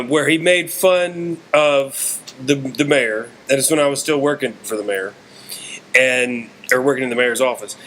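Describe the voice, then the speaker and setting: A man's voice: medium pitch, pushed and bright, a little hiss or hum, rough recording. A man, a comedian, telling wry stories in a casual podcast chat. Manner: storytelling, wry.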